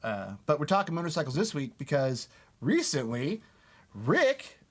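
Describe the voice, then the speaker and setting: A man co-hosts a relaxed podcast, ribbing his friend and cursing often. His voice is a little husky and rises and falls freely as he talks. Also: a little high, normal speed. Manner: swears a lot, jokey. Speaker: podcast co-host. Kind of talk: casual banter.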